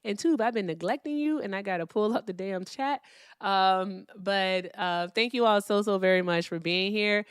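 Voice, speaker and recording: A woman hosting a political call-in livestream, speaking in a relaxed, profane, wry way as she reads out donor messages and thanks viewers. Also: medium pitch, moderate pace, smooth, no echo, clean studio sound. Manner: speaks softly, not loudly. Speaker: livestream political debate host. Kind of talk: casual livestream chat.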